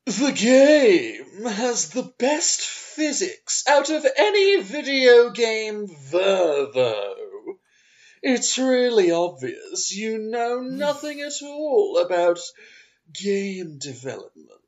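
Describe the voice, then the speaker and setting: A man doing a shrill, indignant British podcaster. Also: big pitch swings, drawn-out words, dull audio, full character voice.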